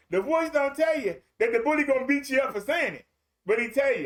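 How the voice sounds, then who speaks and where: A man's voice: extremely high pitch, expressive, brisk. A man preaching a streamed sermon in a colloquial, repetitive storytelling way.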